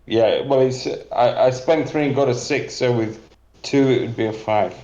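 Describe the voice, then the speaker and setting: A man playing a tabletop game, asking slow, deliberate questions. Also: mid-range voice, mellow, reverberant, lo-fi sound. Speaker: player.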